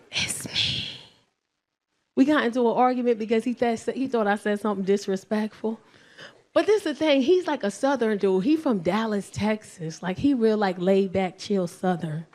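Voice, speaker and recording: A New York woman in her forties doing stand-up comedy, loud and animated, shouting punchlines and acting out both sides. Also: mid-range voice, brisk. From South Bronx, New York.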